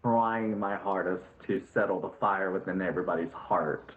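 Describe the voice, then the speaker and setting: A man voicing a calm, gracious warlord king of earth who speaks with friendly, unhurried courtesy. The voice sits fairly low and sounds thin and phone-like in an echoey room. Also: lightly acted. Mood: nostalgic.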